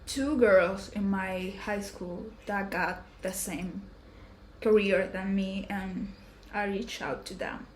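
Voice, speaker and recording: A woman in her twenties hosting a podcast, talking in a chatty, emotional way with lots of fillers and restarts. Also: mid-range voice. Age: 20s. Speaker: podcast host. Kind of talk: casual personal chat. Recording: roomy echo with faint background hum.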